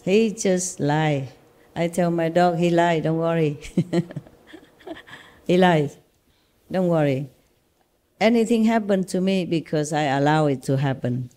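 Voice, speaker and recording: A woman spiritual teacher with a Vietnamese accent speaks casually to her disciples. Her voice is warm and mellow, and she talks in a reassuring, animated storytelling manner, often laughing between her points. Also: deep voice.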